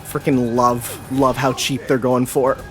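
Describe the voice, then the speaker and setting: A man's voice: mid-range voice, flat delivery, measured pace, over music. A young man chatting enthusiastically while commentating a video game, with lots of fillers. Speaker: host. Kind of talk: casual gameplay commentary.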